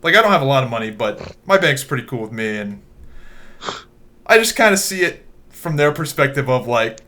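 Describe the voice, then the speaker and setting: Man, podcast co-host, bright voice, easygoing joke-teller. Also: medium pitch, big pitch swings, brisk. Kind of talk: casual podcast chat.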